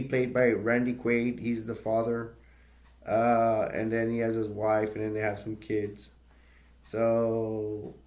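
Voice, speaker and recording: A man's voice: mid-range voice, a little mellow. A man casually retelling a movie's plot as a reviewer, rambling with many fillers, restarts and brief laughs.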